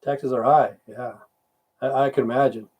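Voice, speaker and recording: A man's voice: medium pitch, steady tone, normal speed, darkish tone, husky. A middle-aged man hosts a loose livestream chat, answering his viewers one comment at a time. He rambles and swears freely, grumbling about the government in an ordinary mid-range voice. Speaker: livestream host; military veteran.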